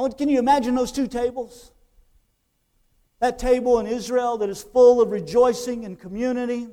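A man preaching a sermon in a conversational way, tossing rhetorical questions at the congregation and swinging between quiet, drawn-out phrases and loud emphasis. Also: high-pitched.

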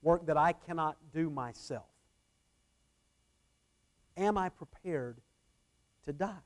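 A man's voice: a little high, slow. A man preaching a sermon earnestly, often repeating his phrases and shifting his emphasis. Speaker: pastor.

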